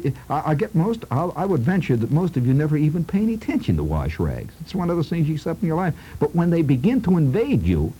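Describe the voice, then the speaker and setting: A man's voice: mid-range voice, dark tone, slightly rough, poor audio. A man telling a humorous childhood story in a rambling, conversational way with asides to his listeners.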